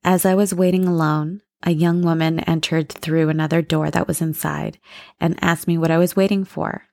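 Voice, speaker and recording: A woman's voice: low-pitched, level tone, normal speed, vocal fry, a little mellow, no room sound, clean studio sound. A woman retelling her father's dream, heartfelt and hesitant, teary-eyed at times. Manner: heartfelt, hesitant, with fillers and restarts. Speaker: storyteller. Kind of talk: emotional retelling of a story.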